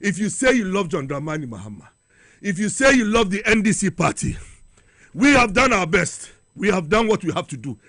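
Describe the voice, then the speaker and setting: A man rallying party supporters on air, fiery and repetitive, shouting his calls and running out of breath. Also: high voice, sing-song, brisk, dry recording. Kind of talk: impassioned election-day call to supporters.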